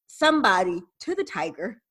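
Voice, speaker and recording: A woman co-hosting a podcast in casual chat, animated, playful and teasing, with some swearing. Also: mid-range voice, normal speed. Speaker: podcast co-host.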